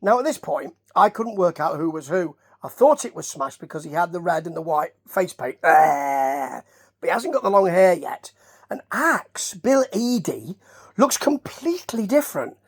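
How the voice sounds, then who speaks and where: A man from Nottingham, England, with a local accent, rambles casually through a review of old wrestling, drifting into asides and repeatedly putting questions to the listener. His high, husky voice swings widely in pitch at a normal speed.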